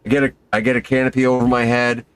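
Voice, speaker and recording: A man telling a skydiving story in an excitable, profane, casual way, acting out quotes. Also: mid-range voice, fast talker, clear, resonant tone, no echo.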